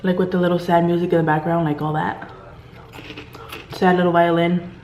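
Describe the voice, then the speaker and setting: A woman's voice: lowish voice, level tone, moderate pace, a little mellow. A woman vlogger telling a story while eating, chatty and full of filler words. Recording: roomy room, faint background hum.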